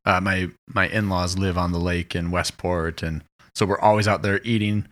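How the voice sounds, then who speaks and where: A man's voice: deep voice, level tone, normal speed, a bit bright. A man hosting a casual chat who laughs often and asks easy, joking questions. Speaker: host.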